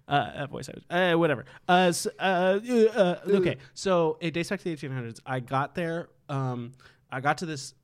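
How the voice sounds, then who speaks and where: A man's voice: fairly high pitch, moderate pace, clear, resonant tone. A man hosting a comedy podcast game, rambling with lots of fillers and laughing at himself. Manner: giggly, rambling with many fillers. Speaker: game host. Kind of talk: casual podcast game chat.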